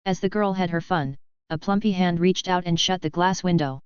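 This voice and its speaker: A woman narrating a fantasy audiobook in a steady, even reading. Her voice is low-pitched and very clear. The audio is dry and slightly dull, with no room sound. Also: moderate pace, dry recording. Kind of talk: scripted narration.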